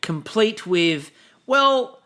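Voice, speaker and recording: A woman chatting as co-host of a casual recap podcast, her voice sitting in a middling register. She talks with a lot of lively swing in her pitch. She laughs often and acts out the quotes she tells. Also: extremely slow.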